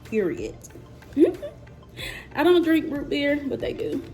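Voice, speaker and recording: Slow-talking woman, chatty vlogger. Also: high voice, big pitch swings, warm tone, faint music behind. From Mississippi, USA. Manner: chatty and playful, talking straight to viewers. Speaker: mother and vlogger tasting snacks. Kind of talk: casual chat to camera.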